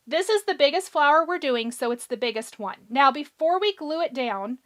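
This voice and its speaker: A woman with a high, bright voice hosts a live craft tutorial, talking through each step as she works and answering viewers as their comments come in. She sounds chatty and encouraging, and her voice is a little hoarse. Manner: chatty, encouraging, thinks aloud while working. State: a bit hoarse. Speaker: craft show host.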